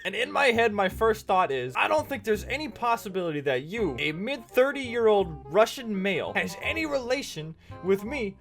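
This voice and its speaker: A young man in his twenties hosting a game video, telling comic stories with animated, joking delivery and frequent laughs. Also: sits high, moderate pace, hardly any pauses. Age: 20s. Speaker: let's play host. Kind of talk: gameplay commentary with comic storytelling. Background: faint background music.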